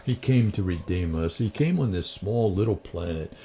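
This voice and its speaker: A man's voice: sits low, expressive, moderate pace, warm tone, a little hiss or hum. A man who hosts a Christian channel, reading a story aloud and then reflecting on it, often hesitant with fillers. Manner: hesitant with fillers when speaking freely.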